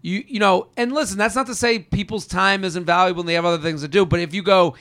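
A man's voice: high voice, expressive, fast, hardly any pauses, fairly bright tone. A male podcast host giving relationship advice in casual chat, acting out example lines as he goes. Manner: talks things through, acts out example lines.

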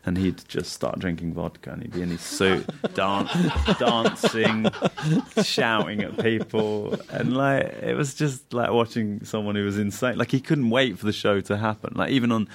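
A man, a comedian guest, telling lively anecdotes in casual chat, laughing often and mimicking other people's voices. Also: on the low side, normal speed, gravelly.

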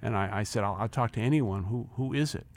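Man, 60s, interview guest, gravelly, animated storytelling, repeats words. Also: lowish voice, fast. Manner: animated storyteller, acts out quoted dialogue, repeats words when excited. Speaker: interview guest, former company chief.

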